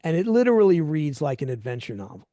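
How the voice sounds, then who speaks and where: A middle-aged man hosting a podcast, chatting casually and telling animated stories that act out quoted dialogue. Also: fairly high pitch, quick pace, no room sound, clean studio sound. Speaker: podcast host. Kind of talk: casual interview chat.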